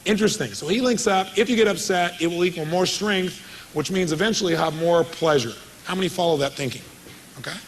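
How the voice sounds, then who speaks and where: A man's voice: high-pitched, brisk, a little hiss or hum, poor audio. A man giving a live motivational seminar, telling a story with energy and quizzing his audience. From California. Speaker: motivational speaker.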